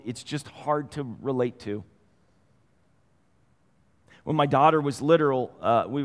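A middle-aged man preaching a sermon, telling stories conversationally and moving between quiet and animated passages. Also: medium pitch. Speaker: pastor. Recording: long hall reverb.

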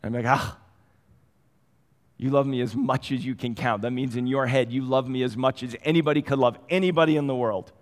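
A middle-aged man preaching a sermon, telling stories conversationally and moving between quiet and animated passages. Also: medium pitch, fairly quick. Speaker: pastor. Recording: long hall reverb.

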